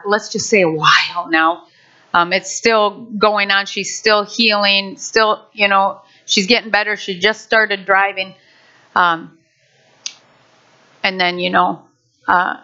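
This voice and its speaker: A middle-aged woman telling a personal faith testimony, animated and acting out what people said. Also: fairly high pitch, dull audio. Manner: animated storyteller, acts out quotes.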